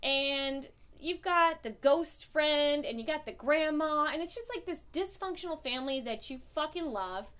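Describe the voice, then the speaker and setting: A woman's voice: high-pitched, lively intonation, normal speed, few pauses, a bit bright. A young woman reviewing comic books in a casual vlog, blunt and profane, swinging between gushing and furious.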